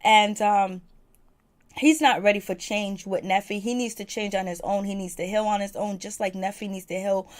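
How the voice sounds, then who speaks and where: Talking at a normal speed in a steady, medium-pitched voice, this woman gives casual commentary on a TV episode. She fills her review with fillers and repeats phrases for emphasis.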